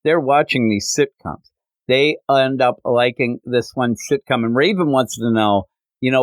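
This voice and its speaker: Male podcast host, chatty comic-book recap, mid pitch, dry close sound. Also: measured pace, dry recording, rough recording. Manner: animated recap, frequent fillers. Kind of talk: casual comic book review.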